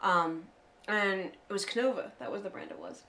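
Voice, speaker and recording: An American woman co-hosting a relaxed chat at a mid-range pitch. She is playful and chatty, tossing off asides and laughing easily. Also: normal speed. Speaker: co-host. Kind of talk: casual chat.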